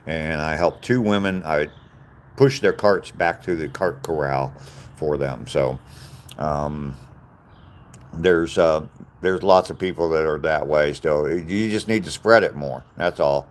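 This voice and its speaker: His voice rumbles low and moves at a measured pace. An older Southern man, he chats casually on a live stream, speaking plainly and addressing viewers' comments head-on.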